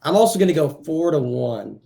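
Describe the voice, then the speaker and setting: A man's voice: a little high, lively intonation, a little fast, gravelly, warm tone. A man co-hosting a casual sports podcast, laid-back and confident in his score predictions. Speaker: podcast co-host.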